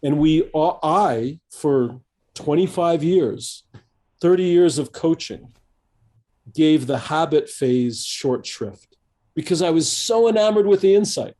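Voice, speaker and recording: Reflective older American man, mellow voice. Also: on the high side, expressive. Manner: reflective, halting with many fillers and restarts. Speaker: coach, podcast guest. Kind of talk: conversational interview.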